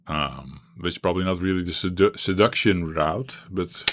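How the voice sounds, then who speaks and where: A man's voice: sits low, normal speed, background noise. A man streaming a retro game, thinking aloud and rambling with frequent restarts. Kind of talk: live-stream gameplay chat.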